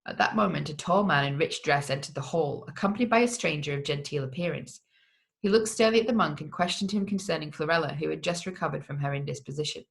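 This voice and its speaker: A measured narrator reading old gothic fiction aloud at a mid pitch. The delivery is deliberate and steady, with the occasional stumble corrected on the spot. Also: creaky. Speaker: audiobook reader.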